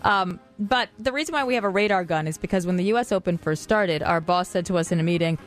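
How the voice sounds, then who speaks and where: A woman co-hosting a radio show from the studio, chatty and quick to laugh. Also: on the low side, soft background music. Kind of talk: casual morning radio banter.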